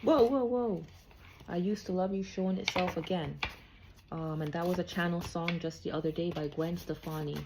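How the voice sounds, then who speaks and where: Woman, psychic card reader, low voice, casual chatty delivery, keeps saying okay. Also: fairly even intonation, normal speed, noisy background. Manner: chatty, repeats "okay?" often. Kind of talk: casual spiritual card reading.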